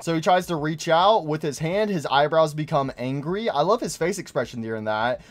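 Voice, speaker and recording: A man narrating a game video with gushing, excitable energy. His voice sits a bit higher than most men's, and he reacts eagerly to each new detail. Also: normal speed. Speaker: gaming YouTuber. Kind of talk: gameplay commentary.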